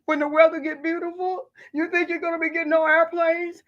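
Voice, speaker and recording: Woman playing a tearful woman, urgent and pleading, high voice, lo-fi sound. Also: level tone, a little fast. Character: tearful woman warning about flying.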